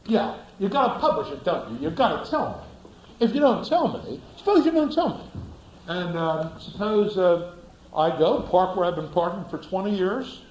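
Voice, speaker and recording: A man's voice: high voice, sing-song, normal speed, a little mellow, roomy sound, slight background noise, poor audio. A man giving a classroom lecture, asking the class rhetorical questions and acting out little scenes.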